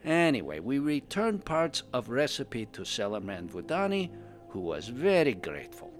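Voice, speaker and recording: Cheerful pandaren husband telling a tale , a guy doing the voice, no articles, bouncy pitch, soft music behind. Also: huge pitch swings, moderate pace. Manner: broken English, drops articles and verb endings. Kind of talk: in-character fan podcast storytelling.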